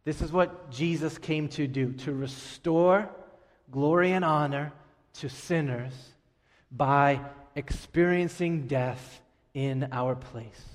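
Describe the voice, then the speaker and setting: Middle-aged male pastor, emphatic preaching, slightly raised pitch, long church reverb. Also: slow pace. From Staten Island, New York. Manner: emphatic, drops to quiet on key words. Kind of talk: sermon.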